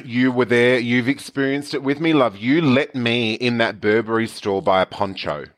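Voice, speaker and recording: A man tells stories in a camp, theatrical way, sliding into acted quotes of other people. His voice sits in an ordinary middle range. It comes across as relaxed chat between friends. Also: medium pitch, normal speed. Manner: camp, animated anecdote teller with acted quotes. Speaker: guest storyteller. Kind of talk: casual chat.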